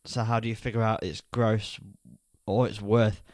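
A man, co-hosting a casual film podcast, relaxed and quick to laugh. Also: on the low side, no room sound, clean studio sound. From Yorkshire, England. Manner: relaxed, chatty, laughs easily. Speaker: podcast co-host.

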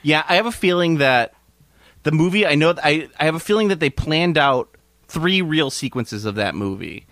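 A man's voice: fairly high pitch, lively intonation, normal speed, a bit bright, no echo. A man in casual conversation, reviewing a movie with a co-host. He talks eagerly and rambles, often restarting mid-sentence. His voice is recorded close and dry, with no room sound. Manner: enthusiastic, rambling with frequent restarts. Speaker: podcast co-host reviewing a film. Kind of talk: casual chat.

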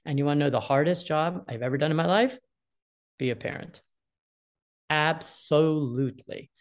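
A sixties-aged woman, chatting informally as a guest, hands out parenting advice and brings children's feelings to life by voicing them in quotes. Her voice sits low and moves at a moderate pace.

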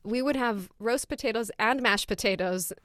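A woman co-hosting a podcast in casual chat, telling family stories in an animated way with frequent laughter. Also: fairly high pitch, moderate pace, no room sound, studio quality. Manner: animated storyteller, laughs often. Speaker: podcast co-host.

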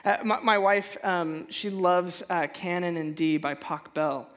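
A man preaching a sermon in a conversational way, stumbling and restarting often, then bursting out loudly when he acts out a feeling. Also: high voice, measured pace. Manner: animated, conversational, frequent restarts and stammers. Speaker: pastor.

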